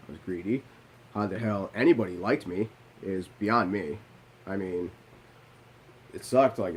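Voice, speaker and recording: A man's voice: fairly low pitch, darkish tone, slight background noise, poor audio. A man in his late twenties telling a candid, self-deprecating story about his past in a rambling, profane vlog style, restarting his sentences often. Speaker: vlogger. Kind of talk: confessional storytelling.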